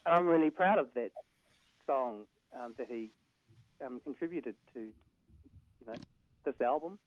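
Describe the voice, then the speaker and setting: A man's voice: medium pitch, animated, no room sound. Kiwi singer looking back on an old song, thinks as he talks, tinny phone sound, dry. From New Zealand. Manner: thoughtful, halting, fond. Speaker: band singer. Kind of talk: reflective interview clip.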